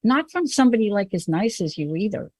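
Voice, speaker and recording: A woman's voice: mid-range voice, big pitch swings, brisk, a little mellow, no echo. A woman host from the Bronx with a New York accent, talking emphatically and telling personal stories in a conversational show. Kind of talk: conversational podcast talk.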